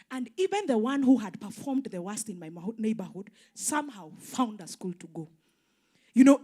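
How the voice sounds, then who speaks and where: A young adult woman with a Kenyan accent, a pastor preaching and telling a personal story, swinging from loud to hushed. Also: on the high side, husky. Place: church hall.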